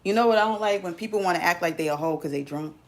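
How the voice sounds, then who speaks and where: Sassy woman host, slightly low voice. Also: very fast, slight background noise. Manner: sassy, teasing and slangy, talks straight to viewers. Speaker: live-stream host. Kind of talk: casual live-stream monologue.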